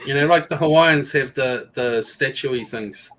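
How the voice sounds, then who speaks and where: A man's voice: mid-range voice, fairly bright tone. A man with a New Zealand accent talking bluntly and casually as a guest on a video call. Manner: blunt, swearing, drawn-out asides. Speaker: live chat guest. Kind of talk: casual group chat. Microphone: webcam on video call.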